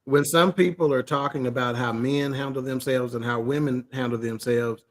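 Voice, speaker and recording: A man's voice: mid-range voice, fairly even intonation, moderate pace. A man co-hosting a podcast, chatty and explanatory, laughing often. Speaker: podcast co-host. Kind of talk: casual chat.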